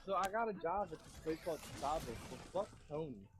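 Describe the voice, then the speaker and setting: A man's voice: a little high, animated, a little fast. A young man streaming a video game, chatting casually and telling a story, swearing a lot and using slang. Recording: noisy stream audio with game sound. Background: game sound.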